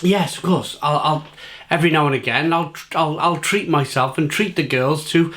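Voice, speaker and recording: A man's voice: a little high, normal speed, fairly bright tone. A British man in his thirties chatting casually to camera as a food reviewer, repeating himself and talking while he eats.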